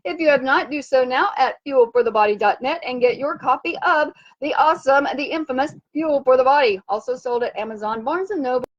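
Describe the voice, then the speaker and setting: A woman hosting a motivational wellness livestream from her home, bubbly and animated, chanting and cheering. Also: sits high, fairly quick, few pauses. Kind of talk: upbeat motivational livestream chat. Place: home in Fiji by the sea. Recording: dull lo-fi sound.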